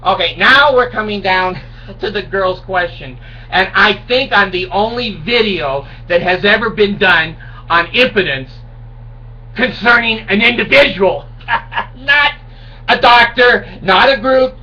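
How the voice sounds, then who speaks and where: A man's voice: high-pitched, a little slow, pushed and bright. A man in his sixties telling a rambling, self-mocking comic story to camera. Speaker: video blogger. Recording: dull distant home recording with faint hiss.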